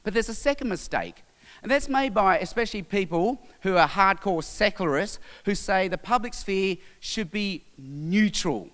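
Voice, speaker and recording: An Australian man giving an emphatic sermon-style talk, pausing on each item in his lists. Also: high-pitched, lively intonation, fairly bright tone. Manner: emphatic, listing words with pauses. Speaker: speaker. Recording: reverberant hall.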